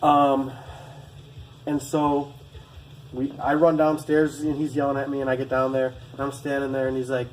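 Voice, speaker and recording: A former Marine recruit telling a story to camera in a casual, rambling, profane way, full of asides. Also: male voice, medium pitch, completely flat delivery, normal speed, a little hiss or hum, rough recording.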